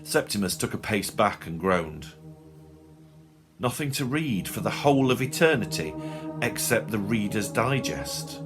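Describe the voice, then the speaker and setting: Lively low-voiced male storyteller. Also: measured pace, music in the background. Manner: dry, expressive storytelling. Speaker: narrator. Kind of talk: audiobook reading.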